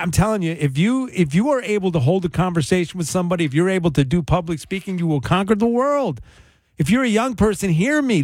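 A man's voice: a little high, darkish tone, no echo. A middle-aged man hosting a call-in radio talk show in a studio. He talks casually and with animation, repeating and restarting phrases and chuckling now and then.

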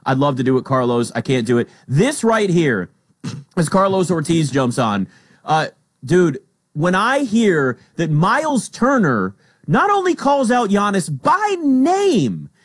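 A man hosting a sports talk show with a lively, swooping delivery and a slightly high voice. He argues emphatically, leaning hard on key words and rushing through asides. The sound is dry and close. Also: breathy edge, no echo. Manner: emphatic, swings between loud emphasis and quick asides.

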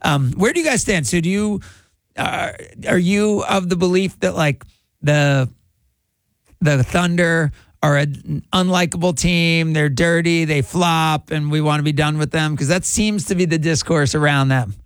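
A man hosting a casual sports podcast, relaxed and chatty as he gives live match updates and trades takes. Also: a little high, unhurried, clean tone, dry recording. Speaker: podcast host.

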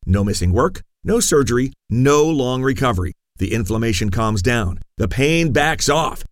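A man's voice: mid-range voice, animated, moderate pace, no room sound. Male host live-read, earnest and reassuring, dry studio sound. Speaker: radio host reading an ad.

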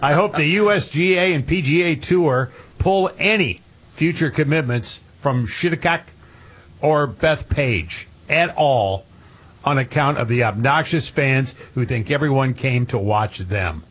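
A man's voice: mid-range voice, animated, measured pace, a bit bright, breathy edge. A man co-hosting a radio show, reading news stories with wry, sardonic commentary. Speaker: radio co-host. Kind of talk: morning radio banter.

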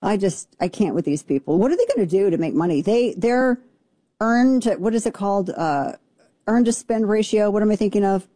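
A woman's voice: mid-range voice, animated, normal speed, mellow, dry recording. A woman hosting a talk radio show, ranting in a brash, sarcastic, mocking way. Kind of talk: opinionated talk radio rant.

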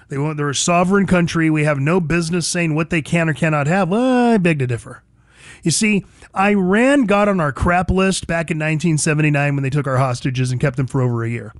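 A male talk radio host speaking in a high-pitched voice, emphatic and combative, hammering points home through repetition. The sound is dry and close, with no room around it. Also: no echo. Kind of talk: opinionated talk radio monologue.

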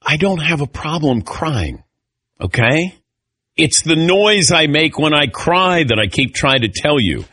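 A man's voice: a little high, a little slow, breathy edge, dry recording, studio quality. A middle-aged man hosting a sports talk radio show, telling stories with animation and calling on his panelists. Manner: animated storyteller, calls on panelists.

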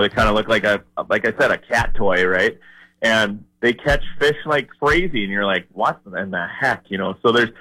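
A man from Minnesota who works as a fishing guide talks animatedly in a casual podcast conversation. His voice sits low but sounds bright and forceful. He tells his stories loosely, with lots of "you know" and "like". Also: no echo, rough recording. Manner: storytelling, animated, lots of fillers.

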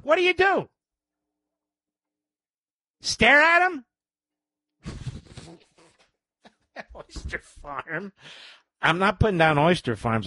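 A man's voice: on the high side, a bit bright, no room sound. A man hosting a talk radio show, ranting sarcastically and firing off mocking, incredulous questions.

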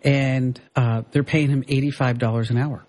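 A man's voice: mid-range voice, steady tone, moderate pace, a little mellow. A man hosting a radio show, chatting casually and loosely, with plenty of filler words and restarts, on a studio microphone.

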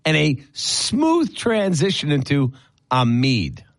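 Laid-back radio co-host guy, lively pitch, dry close mic. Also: slow pace, vocal fry, dry recording. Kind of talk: casual sports talk.

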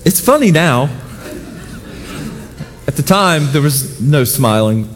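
A middle-aged man preaching a sermon as pastor, telling personal stories with self-deprecating humor and animated voices for the people he quotes. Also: on the high side, slow, in a large hall.

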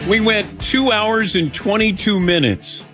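A man's voice: high-pitched, unhurried, loud music behind the voice. A man hosting a sports radio show, talking casually and teasing his co-host.

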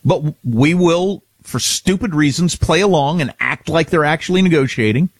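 A man's voice: a little high, normal speed, no room sound. A man co-hosting a talk radio show, giving sardonic, opinionated takes on politics. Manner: opinionated, sardonic, laughs at his own jokes. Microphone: studio microphone.

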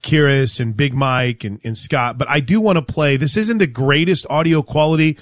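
A man hosting a sports talk show, animated and joking as he chats with his co-host. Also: fairly high pitch, normal speed, no echo, clean studio sound.

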